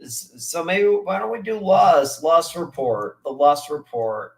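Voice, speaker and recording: Slow-talking profane male streamer. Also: a little high, sing-song, gravelly. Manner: profane, rambling, mimics voices. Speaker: livestream host. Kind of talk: casual livestream chat.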